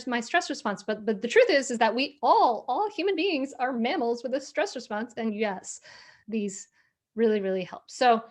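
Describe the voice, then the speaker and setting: A woman coaching parents in a workshop talk, calm, with slow deep breaths between points.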